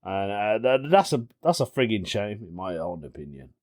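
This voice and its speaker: A young man's lowish, slightly mellow voice has a sing-song quality at normal speed as he hosts his own podcast, chatting casually, storytelling and laughing often with slang like "innit". It's clean studio sound with no room sound.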